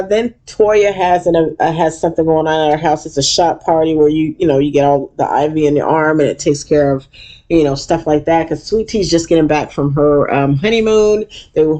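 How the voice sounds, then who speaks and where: A casual reality-show recapper talking at a middle pitch. The delivery is blunt and profane, loaded with ums and uhs. Quotes from the cast come out in sudden high put-on voices. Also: normal speed. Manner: blunt, profane, animated retelling with many fillers.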